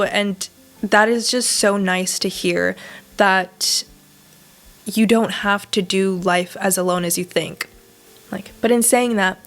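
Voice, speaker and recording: A woman in her twenties from Southern California, talking candidly in a personal vlog with a casual, emphatic manner and plenty of swearing and fillers. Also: medium pitch. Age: 20s. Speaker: vlogger.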